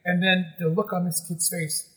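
Bright high-voiced man telling stories. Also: normal speed, rough recording. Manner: animated, emotional storytelling with many restarts. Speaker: guest, musical theater actor. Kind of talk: conversational storytelling.

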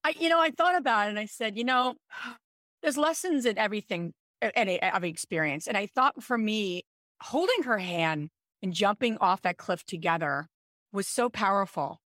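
A woman in her thirties, a podcast co-host, telling a personal story in an animated, chatty way. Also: medium pitch, normal speed, no echo, studio quality. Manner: animated, chatty, with frequent "like" and "I'm like". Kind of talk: casual storytelling chat.

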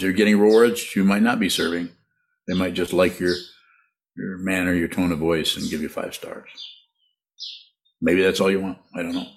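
Halting low-voiced man teaching meditation. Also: creaky. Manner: halting, repeats words, laughs often. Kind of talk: live online teaching, answering questions.

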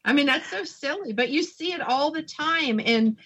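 Brief: woman radio host, fairly high and bright voice, agreeable, affirming. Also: animated, moderate pace, highs cut off. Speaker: radio talk show host. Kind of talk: radio interview conversation.

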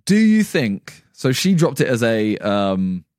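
A man co-hosting a podcast in casual chat, relaxed and laughing easily. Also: mid-range voice, slow pace, dry recording, clean studio sound. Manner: relaxed, laughs often, hedging opinions. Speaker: podcast co-host.

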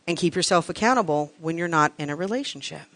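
A woman's voice: lowish voice, lively intonation, fast talker, a bit bright, no echo. A woman teaching a live class to an audience, frank and profane, hammering points home with repeated lists. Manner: emphatic, repeats lists for effect. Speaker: workshop teacher.

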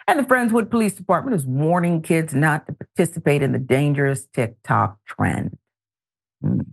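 Gravelly low-voiced woman news host. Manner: animated, editorializing with pointed asides. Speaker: news talk show host. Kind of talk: reading news with commentary.

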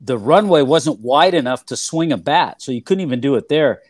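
A man's voice: mid-range voice, lively intonation, moderate pace, dry recording. An older man looks back on his playing and broadcasting years in an easygoing interview. He circles around his points with fillers and restarts. His voice is close and dry. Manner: rambling, filler-heavy recollection with frequent restarts. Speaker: former player and TV analyst, guest. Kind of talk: relaxed interview storytelling.

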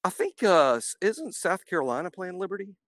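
Podcast cohost guy chiming in, slightly high voice, dry teasing. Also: very animated, a little fast, a bit bright. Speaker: podcast co-host. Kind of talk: casual sports podcast chat.

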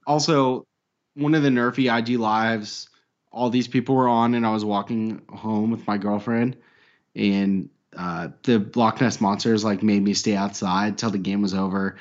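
A man's voice: lowish voice, fairly even intonation, normal speed, dull audio. A man co-hosting a podcast in casual banter, joking, laughing often and swearing. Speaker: podcast co-host.

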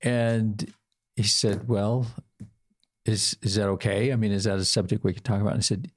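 An older man telling a personal love story in a hesitant, halting way, with many fillers and restarts, acting out both sides of the dialogue. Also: on the low side, steady tone. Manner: quotes himself and his partner in dialogue.

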